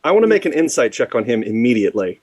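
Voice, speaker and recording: A man playing a tabletop game who talks in a casual, excitable way. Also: mid-range voice, very fast, breathy edge. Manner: excitable, laughing. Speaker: player.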